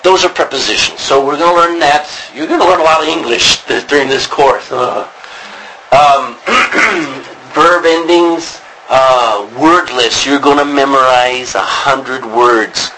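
A man's voice: mid-range voice, measured pace, bright, forceful tone, slight background noise, low-quality recording. A man teaching a class on biblical Greek, rambling with many ums and restarts. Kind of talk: classroom lecture.

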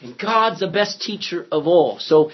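A man's voice: a little high, lively intonation, unhurried, slightly rough. A man teaching a Bible study class, reading scripture aloud and putting questions to his listeners. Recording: dull lo-fi sound.

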